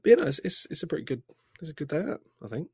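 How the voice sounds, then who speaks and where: A man's voice: fairly high pitch, sing-song, rapid-fire, a little mellow, breathy edge, no echo, clean studio sound. A man co-hosting a podcast, chatting casually and rambling with many hesitations. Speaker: podcast co-host. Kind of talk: casual chat.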